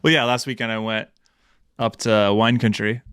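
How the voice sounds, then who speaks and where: A man's voice: medium pitch, fairly even intonation, moderate pace, a bit bright, clean tone, no room sound, clean studio sound. A man in his thirties co-hosting a podcast, chatting casually with jokes and the odd swear word. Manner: laid-back, joking, swears casually. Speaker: podcast co-host. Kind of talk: casual chat.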